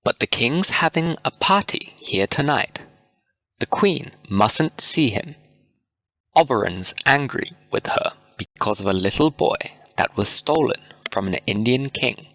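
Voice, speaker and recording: A man's voice: medium pitch, animated, measured pace, bright, forceful tone, no room sound, low-quality recording. A man reading the part of a mischievous male sprite who serves a fairy king, in a gossipy, informative manner, in a storybook reading.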